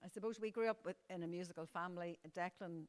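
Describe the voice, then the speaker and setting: A middle-aged woman, a singer in her family band, introducing herself in a hesitant, halting way. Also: fairly low pitch, steady tone, clear, resonant tone.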